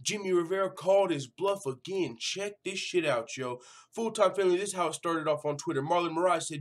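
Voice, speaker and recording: Guy ranting on his mma news channel, kinda high voice, cussing a lot, gets loud acting out quotes. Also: fairly quick. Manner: animated, swears freely, acts out quotes. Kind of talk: casual profane commentary vlog.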